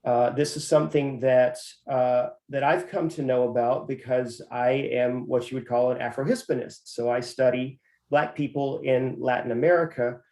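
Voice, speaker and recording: A university professor speaks as a guest in a measured, deliberate way, filling his pauses with "uh." His voice is dark and mellow. The sound is roomy and echoey. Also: mid-range voice, steady tone. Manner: measured, with many "uh" fillers. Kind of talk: interview answers. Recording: roomy echo.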